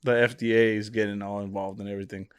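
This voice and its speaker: A man's voice: fairly low pitch, quick pace, clear, resonant tone. A young man co-hosting a podcast, chatting casually with sarcastic jokes. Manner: joking, animated, sarcastic. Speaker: podcast co-host. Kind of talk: casual chat.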